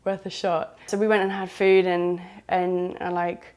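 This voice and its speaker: Chatty southern English woman, lowish voice. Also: little pitch movement, measured pace, darkish tone, clear, resonant tone. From southern England. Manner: chatty, loose and frank, with British slang. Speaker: storyteller. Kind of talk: candid first-person storytelling.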